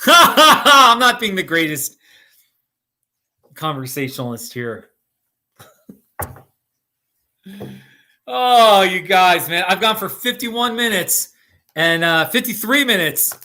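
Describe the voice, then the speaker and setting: A man's voice: high-pitched, very animated, slow pace, pauses often, sharp tone. A middle-aged American man hosting a casual livestream, chatting with viewers by name and laughing often. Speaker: livestream host. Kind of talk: casual live chat reading comments. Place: Colorado.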